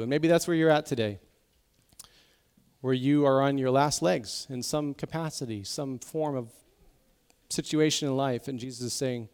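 A man pastor giving a sermon in a conversational, emotional way, sometimes dropping to soft, intense tones. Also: mid-range voice, normal speed, long pauses, clear, resonant tone. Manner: conversational preaching, acts out quoted voices.

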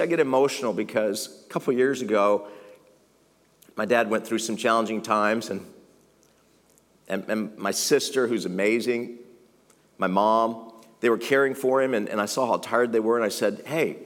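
A man's voice: lowish voice, normal speed, long pauses. A middle-aged man preaching a sermon as pastor, conversational, emphatic and self-deprecating. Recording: long reverb of a large hall.

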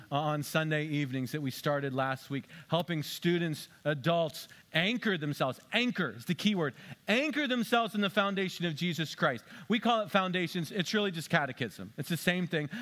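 A pastor preaching a sermon in a fairly high voice. He talks to his congregation like he is chatting with them, firing off rhetorical questions and dry, sarcastic remarks. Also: a bit bright.

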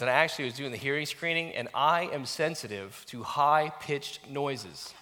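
A middle-aged man preaching a sermon as a pastor, animated and self-mocking, dropping to near-whispers at times. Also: mid-range voice, normal speed, hardly any pauses. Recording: long reverb of a church hall.

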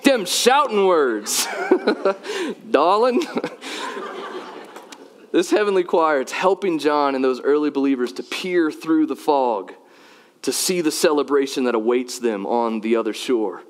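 A man giving a sermon, moving from personal storytelling to loud, emphatic calls to worship. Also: mid-range voice, normal speed. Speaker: pastor.

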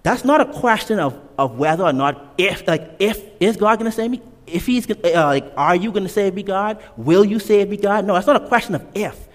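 A man's voice: sits high, lively intonation, a little fast, few pauses. A man preaching a sermon in an emphatic way. He repeats key lines and drops in casual asides. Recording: long reverb of a large hall.

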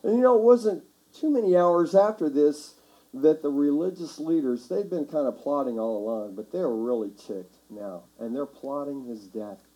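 A man preaching a sermon as pastor, talking conversationally and building to shouts for emphasis. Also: mid-range voice, normal speed, rough recording. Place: church sanctuary.

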